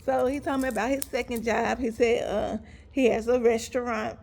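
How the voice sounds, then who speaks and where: A woman's voice: on the high side, normal speed, gravelly. A woman telling a story to her viewers in a casual, chatty way, talking straight to them and laughing as she goes. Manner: animated, laughs while telling. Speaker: vlogger.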